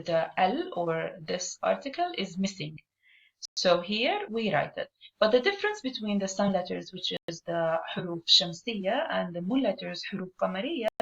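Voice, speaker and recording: A woman, an Arabic teacher explaining a lesson step by step and asking her learners questions. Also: mid-range voice. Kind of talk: online language lesson. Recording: dull lo-fi recording.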